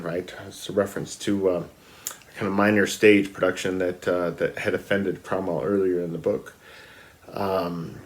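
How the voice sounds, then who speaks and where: A man's voice: low voice, little pitch movement, moderate pace. A man talking casually about a novel he is reading, reading passages aloud, with many ums and restarts. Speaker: book reviewer. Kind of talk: casual book discussion with read-aloud passages.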